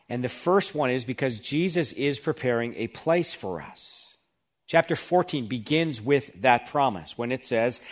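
A man preaching an expository sermon, reading scripture aloud with emphasis and explaining it to the congregation. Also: mid-range voice. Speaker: pastor.

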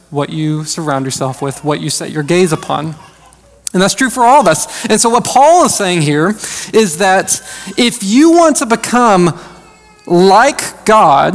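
A pastor in his thirties gives a sermon in a friendly, talky way, often pausing on "um" and "uh". His voice sits high for a man. The sound rings out with a long hall reverb. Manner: conversational preaching with frequent fillers. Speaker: associate pastor.

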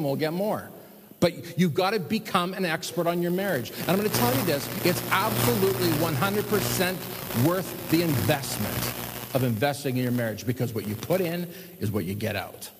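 A man preaching a sermon to a congregation, animated, swinging between loud emphatic lines and hushed, slow ones. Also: fairly high pitch, background noise. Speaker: pastor. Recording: long hall reverb.

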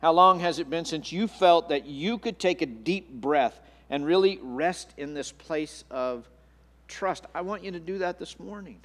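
Male pastor, sermon delivery, slightly high voice, earnest and repetitive, hall reverb. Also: a little slow, fairly bright tone. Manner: earnest, repeats words, restarts phrases. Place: church sanctuary.

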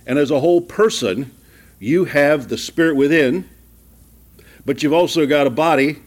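A man leading an evening Bible study as pastor, reading scripture slowly and explaining it in a conversational way with small asides. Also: a little high. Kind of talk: sermon, verse-by-verse Bible teaching. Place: church room with a group.

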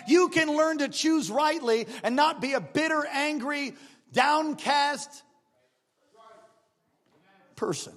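A man preaching a sermon as pastor, swinging between loud exhortation and quiet, joking asides. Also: very high-pitched, moderate pace, in a large hall. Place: church.

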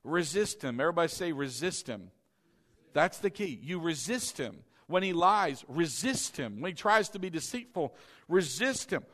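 Loud, passionate male preacher. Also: on the high side, animated, normal speed. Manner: loud, passionate, calls for congregation responses. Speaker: pastor. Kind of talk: sermon.

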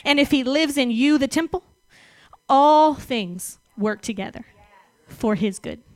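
High-voiced woman preaching with laughter. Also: a little slow, no echo. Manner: animated, laughs often, emphatic repetition. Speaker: speaker. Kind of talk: sermon.

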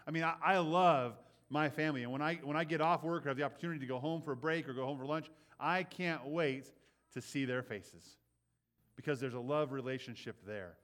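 A man preaching a sermon in an earnest way. He often checks in with the listeners with a quick "right?" and repeats words as he builds his points. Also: fairly high pitch, fairly bright tone. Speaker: pastor.

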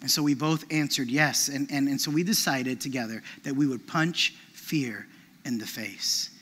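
Bright-voiced preaching man in a reverberant hall. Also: medium pitch, normal speed. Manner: animated storytelling, frequent restarts. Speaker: pastor. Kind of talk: sermon. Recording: long reverb of a large hall.

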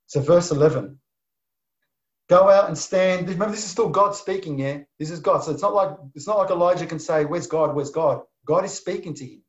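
A man preaching a sermon, swinging from emphatic bursts to soft, near-whispered lines. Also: fairly high pitch, a little fast. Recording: dull lo-fi sound.

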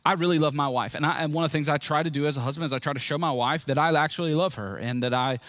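A man's voice: on the high side, very fast, fairly bright tone, dry recording. A man preaching a sermon in an earnest, conversational way, telling vivid stories. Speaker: pastor.

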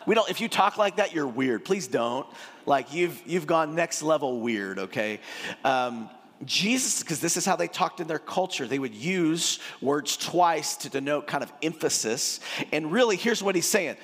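A male pastor preaching in a loose, joking, conversational way, with his voice pitched a bit high. His pace swings from quick asides to slow, stressed lines. A long reverb tails every phrase. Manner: casual, animated, joking preacher. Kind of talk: sermon.

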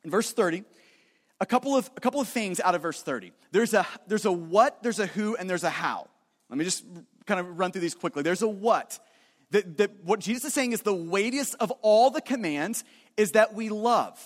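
A man's voice: high-pitched, expressive, normal speed, in a large hall. A man preaching a sermon as pastor, emphatic and repetitive, often restarting his phrases.

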